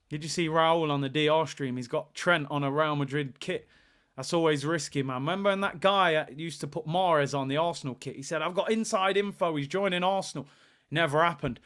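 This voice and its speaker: A young man hosting a live football watchalong, commentating on the match, reading out chat messages and shouting when play heats up. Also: fairly high pitch, a little fast.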